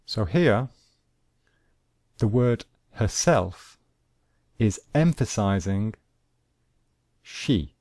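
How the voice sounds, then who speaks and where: Slow, deep-voiced male English teacher. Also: darkish tone, dry recording, studio quality. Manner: slow, deliberate, repeats examples. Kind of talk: grammar lesson.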